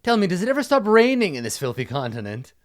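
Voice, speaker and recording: A man's voice: high voice, huge pitch swings, fast talker, voice pushed up. A man voicing a pompous, clueless male knight who talks in stiff, grandiose formal speech.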